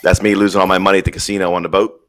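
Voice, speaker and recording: A lower-pitched man hosting a live stream and talking casually. He rambles through his stories bluntly and swears freely, in an easygoing, unscripted chat. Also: level tone, very fast. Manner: blunt, profane, rambling storyteller.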